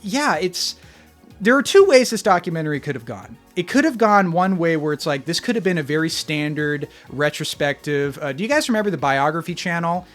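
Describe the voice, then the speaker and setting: A man's voice: fairly high pitch, lively intonation, brisk, fairly bright tone, faint music behind. A man giving a casual spoken movie review, opinionated and rambling, often restarting his sentences. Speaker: film reviewer.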